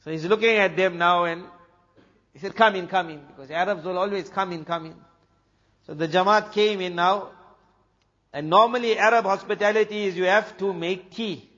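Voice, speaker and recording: A man from South Africa, a preacher telling a story in an animated way, dropping to a hush for the dramatic moments. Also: high-pitched, moderate pace. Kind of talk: storytelling talk. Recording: dull lo-fi recording with long hall reverb.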